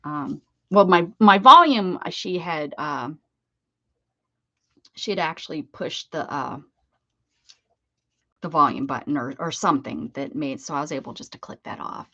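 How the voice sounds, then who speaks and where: A woman's voice: deep voice, expressive, measured pace, long pauses, bright, forceful tone. A woman chatting casually while crafting on a live stream, greeting viewers by name and talking to her pets. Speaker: crafting livestream host. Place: home craft room. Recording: dull lo-fi stream audio.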